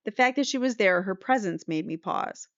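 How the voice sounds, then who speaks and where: A woman voicing a young male defendant, answering cross-examination in a halting, defensive way. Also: medium pitch, animated, no echo, close to an everyday voice. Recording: slightly muffled dry recording.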